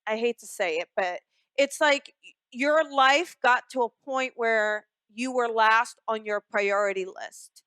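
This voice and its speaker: A woman's voice: fairly high pitch, measured pace, a bit bright, smooth, no room sound. A woman hosting a radio call-in show as a psychic medium. She talks in a chatty, soothing way, with many fillers, and calls her callers "honey.".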